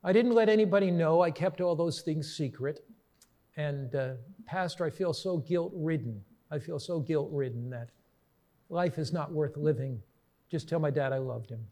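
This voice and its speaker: A male preacher voicing a despairing young woman on the phone, speaking quietly and hopelessly. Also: a little high, moderate pace, lightly acted.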